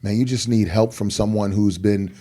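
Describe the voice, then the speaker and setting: A middle-aged man, a guest rapper, telling personal stories in an earnest podcast conversation and acting out the people he quotes. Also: normal speed. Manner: earnest, animated, acts out quoted people with big pitch jumps. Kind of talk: candid podcast storytelling.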